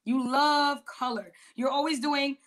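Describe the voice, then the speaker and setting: A woman's voice: sits high, fairly even intonation, a little slow, a bit bright. A woman hosting a podcast, chatting casually and rambling a little, with frequent restarts and laughs. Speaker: podcast host. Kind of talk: casual interview chat.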